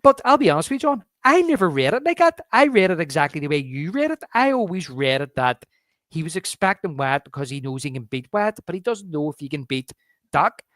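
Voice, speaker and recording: A man co-hosting a movie podcast, casually retelling film scenes and quoting their lines in a lowered drawl. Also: big pitch swings, a little fast, a bit bright, no echo, studio quality. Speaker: podcast co-host. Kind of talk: casual movie review chat.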